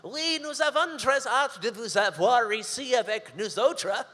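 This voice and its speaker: A man's voice: very high voice, unhurried, pushed and bright, big-room sound, pitched above the performer's own voice, full character voice. A man voicing a stiff male boss who speaks in formal, awkward phrases.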